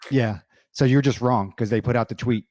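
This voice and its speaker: Measured male podcast co-host, dry sound. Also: medium pitch, a little mellow, no echo. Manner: measured, reads out tweets, hedging asides. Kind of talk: casual political podcast talk.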